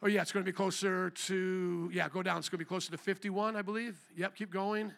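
A male pastor preaching a church sermon. He calls out to the congregation for responses and slows down to read scripture aloud. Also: little pitch movement, vocal fry, a bit bright. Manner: reads scripture aloud, slowing and rising in pitch for quoted lines. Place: church service.

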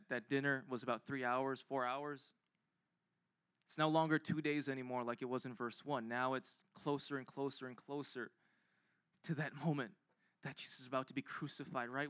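High bright-voiced male preacher. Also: no room sound. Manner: conversational, animated, asks rhetorical questions. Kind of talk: sermon.

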